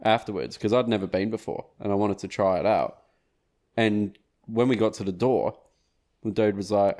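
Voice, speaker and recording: A man's voice: on the low side, moderate pace, darkish tone. A young Australian man, a guest on a podcast, chatting casually. He is laid-back and self-mocking, laughs easily and swears. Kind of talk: casual chat.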